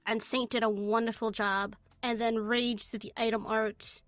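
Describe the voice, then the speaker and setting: A woman's voice: a little high, level tone, normal speed, a bit bright, no room sound, faint music behind. A woman game developer talking animatedly in a casual interview, laughing often and restarting her sentences. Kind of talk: casual chat.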